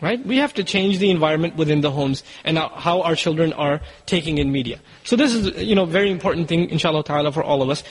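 Man preacher, high husky voice, urgent and exhorting, long hall reverb. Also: lively intonation, fast talker, few pauses. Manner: urgent, exhorting, asks rhetorical questions. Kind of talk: sermon.

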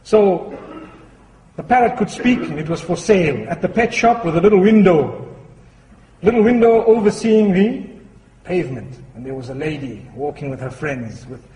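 A man's voice: high-pitched, darkish tone, slight background noise. A man giving an Islamic talk, telling a story with humor and acting out voices. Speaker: Islamic speaker. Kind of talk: sermon with anecdote. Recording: echoey hall with reverb.

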